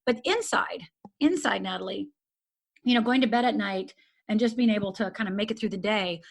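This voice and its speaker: A middle-aged woman from Upper Michigan, a life coach guest, telling a painful personal story earnestly and dropping to a hush at the hardest moments. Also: mid-range voice, brisk, creaky. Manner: earnest, intense, often drops to a hush.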